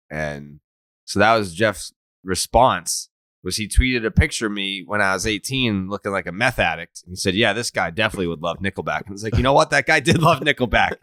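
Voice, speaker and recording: A man in his thirties from Massachusetts' North Shore, hosting a casual podcast chat with self-mocking humor and frequent throat clearing. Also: on the low side, fairly bright tone, no echo. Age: 30s. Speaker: podcast host.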